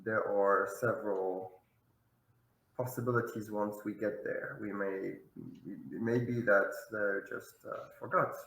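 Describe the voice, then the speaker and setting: Slow, gravelly man, formal in character. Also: lowish voice, fairly bright tone, reverberant, a little hiss or hum, low-quality recording. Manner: measured, formal. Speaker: player. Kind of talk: in-character tabletop play.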